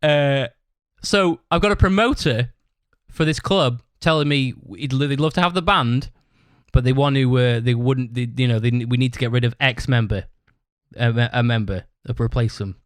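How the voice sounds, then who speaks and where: A podcast host with a clear, resonant, medium-pitched voice speaks at a moderate pace, with no echo. He tells a rambling, casual story, cursing constantly and adding "right?" to his sentences.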